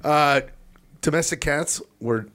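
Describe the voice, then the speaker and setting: A man's voice: on the high side, slow. A man co-hosting a podcast in casual comedic chat, joking, swearing and trying out silly voices. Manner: jokey, animated, slips into silly put-on accents. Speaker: podcast co-host.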